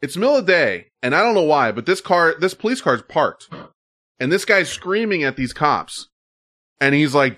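A man's voice: a little high, sing-song, moderate pace, bright, forceful tone. A man hosting a podcast in casual chat, laughing often and talking loosely and profanely. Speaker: podcast host. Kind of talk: casual chat about viral videos.

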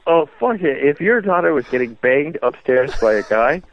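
A man's voice: on the high side, very animated, moderate pace, muffled recording. A man co-hosting a casual comedic podcast chat, joking around and acting out imagined scenes. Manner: joking, acts out quoted voices, laughs often. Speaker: podcast co-host.

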